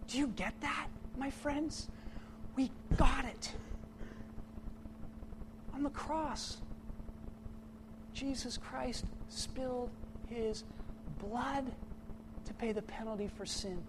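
A middle-aged man preaching a sermon to his church, impassioned, swinging from loud bursts to hushed, quiet lines. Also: very high voice, fairly even intonation, takes it slowly, pauses often, noisy background.

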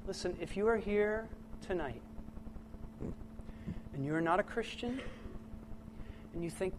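A middle-aged man preaching a sermon to his church, impassioned, swinging from loud bursts to hushed, quiet lines. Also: high voice, slow, pauses often, noisy background.

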